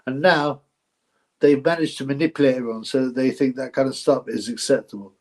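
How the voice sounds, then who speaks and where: A man's voice: mid-range voice, quick pace, a little mellow. A man hosting a casual live stream, rambling, repeating himself, and effusively thanking donors. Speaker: livestream host reading donations.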